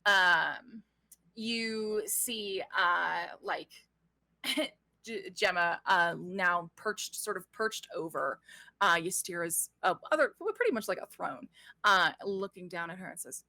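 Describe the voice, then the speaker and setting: A woman runs a tabletop game, narrating scenes in a bright, forceful voice full of fillers and restarts. The close, dry recording has no room sound. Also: fairly low pitch, no room sound. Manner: descriptive, with frequent fillers and self-corrections. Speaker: game master.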